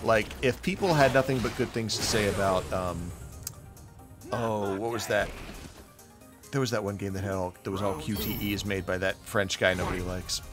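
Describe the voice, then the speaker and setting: A man's voice: lowish voice, normal speed, music in the background. A man commentating a fighting game stream, chatting casually and rambling with jokes. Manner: joking, rambling, breaks into silly put-on voices.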